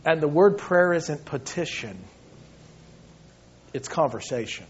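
A fairly high, husky-voiced man preaching a sermon in a church. He swings from loud, urgent appeals down to hushed, intense quiet. The recording is dull and lo-fi. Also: lively intonation, takes it slowly. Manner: dramatic preaching, swings between shouting and hushed tones. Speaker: pastor.

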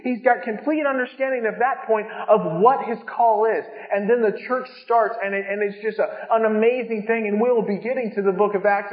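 High-voiced preacher in an echoey hall. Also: male voice. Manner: earnest, paraphrasing scripture in plain everyday words. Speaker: pastor. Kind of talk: expository Bible sermon. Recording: echoey hall over a tinny phone-like line.

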